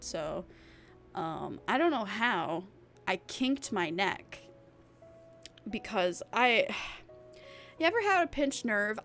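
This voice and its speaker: A woman's voice: fairly low pitch, fairly bright tone. A woman streaming as a VTuber, chatting casually with her live chat in a rambling, giggly way. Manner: giggly, rambling, drawn-out talk.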